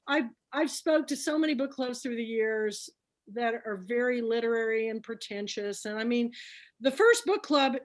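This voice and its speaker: A middle-aged woman telling stories to a group, chatty and animated, acting out what people said. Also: on the high side. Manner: chatty, animated storyteller who acts out dialogue. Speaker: book club founder speaking to a group. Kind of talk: storytelling talk.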